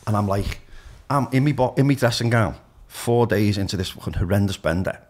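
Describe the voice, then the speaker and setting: A man with a Liverpool accent, guesting on a podcast as a DJ and telling blunt stories from his own life. His voice sits a touch low and comes out husky. He swears freely and trips into quick restarts. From Liverpool, England. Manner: frank, heavy swearing, rapid restarts. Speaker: DJ and radio presenter, podcast guest. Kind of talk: candid storytelling in conversation.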